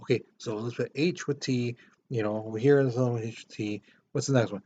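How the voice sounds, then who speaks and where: A man's voice: mid-range voice, steady tone, brisk, mellow. A man teaching a history lesson in a casual, conversational way, often repeating words as he explains. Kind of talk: classroom lecture. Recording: slightly dull lo-fi recording.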